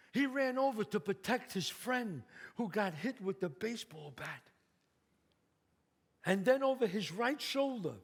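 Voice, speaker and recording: Alone on stage, a man from the Bronx, New York, tells a vivid, streetwise, dramatic story in a high-pitched, slightly rough voice, with the hall's stage reverb around him.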